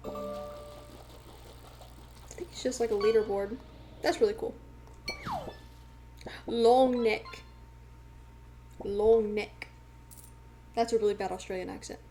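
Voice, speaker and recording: A woman streamer talking casually to her live chat in a rambling, chatty way, full of fillers. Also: high voice.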